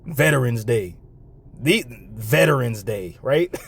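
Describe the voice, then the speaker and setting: A man talks through a video and reads out scripture, his pitch rising and falling a lot. He is animated, stumbles over repeated words and restarts his sentences, and often breaks into laughter between remarks. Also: moderate pace. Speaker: online commentator. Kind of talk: reaction commentary with scripture reading.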